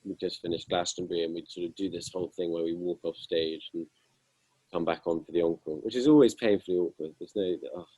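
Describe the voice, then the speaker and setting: A young man with a husky voice, telling self-deprecating band stories with lots of fillers in a casual interview. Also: low-pitched, steady tone, quick pace, dark tone, no room sound, poor audio. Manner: self-deprecating, amused, rambling with many fillers. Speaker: guitarist guest.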